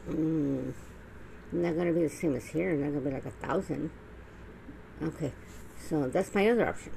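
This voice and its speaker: A woman's voice: deep voice, normal speed, creaky, dark tone, slight background noise, poor audio. A middle-aged woman talking straight to camera in a blunt, profane, rambling monologue full of restarts. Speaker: vlogger. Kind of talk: casual monologue.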